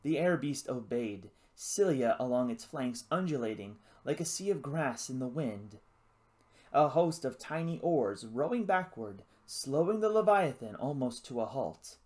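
Expressive audiobook narrator with lively pitch. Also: unhurried. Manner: expressive storytelling. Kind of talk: scripted narration.

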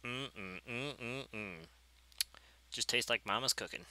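A man's voice: mid-range voice, extremely slow, bright, forceful tone, smooth, exaggerated voice. A man voicing a greedy snake in a video game, gleefully savoring the food it gobbles.

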